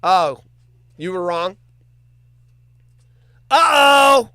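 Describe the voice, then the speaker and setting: A man hosting a casual livestream, reading viewer comments out loud, joking around and swearing freely. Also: sits high, animated, extremely slow. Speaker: livestream host.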